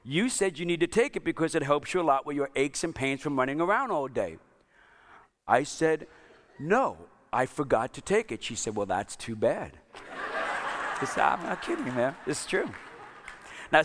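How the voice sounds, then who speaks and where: Guy preaching a sermon, fairly high voice, jokey self-mocking stories, talks right to the crowd. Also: fairly bright tone. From Italian-American. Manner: storytelling, self-mocking, chatty with the congregation. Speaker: pastor.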